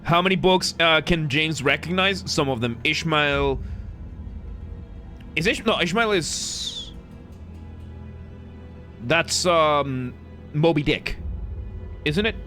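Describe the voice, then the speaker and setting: A male streamer with a bright, forceful voice, pitched a little high, chatting loosely as he plays. He rambles, corrects himself mid-sentence and cracks jokes at chat, with faint game music under him. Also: expressive, slow pace, long pauses. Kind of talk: casual live-stream commentary.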